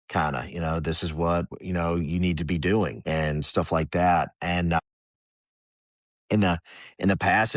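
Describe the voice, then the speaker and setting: A former soldier in middle age, speaking in a very deep, low register. He talks in a loose, rambling way, acting out the voices he heard. The sound is dry and close, with no room behind him. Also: no room sound. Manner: relaxed, rambling, drops into quoted inner voices. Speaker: guest, former Army Ranger. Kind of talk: candid conversational storytelling.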